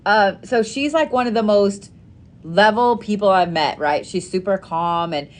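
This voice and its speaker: Casual woman host, animated storyteller, salty language, middle-pitched voice. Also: a little slow. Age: adult parent. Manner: animated storytelling, frequent swearing. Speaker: live-stream host making custom bracelets. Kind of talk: casual chat to a live audience.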